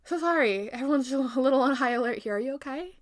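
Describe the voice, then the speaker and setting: Kind young princess as a woman puts her on, high bright voice, eager. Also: very animated, moderate pace, dry recording, clean studio sound. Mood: caring. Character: sweet, earnest young princess.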